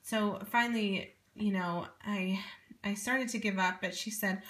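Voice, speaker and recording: Woman, 30s, bright voice, earnest and animated telling her own story, roomy echo. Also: medium pitch, normal speed. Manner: earnest, animated, many asides. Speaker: parent telling a personal story. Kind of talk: casual first-person storytelling. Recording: echoey room.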